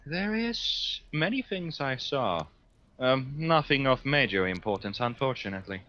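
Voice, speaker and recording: Guy playing a psyker, bright haughty voice, dull dry mic. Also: medium pitch, very animated, measured pace, no echo. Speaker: player. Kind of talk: tabletop role-play in character as a psyker.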